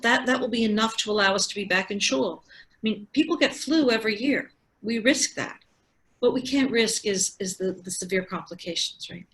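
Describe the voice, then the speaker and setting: A woman's voice: medium pitch, fairly bright tone. A woman in her sixties, a physician, explaining things step by step in conversation with frequent restarts over a video call. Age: 60s. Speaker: physician and researcher.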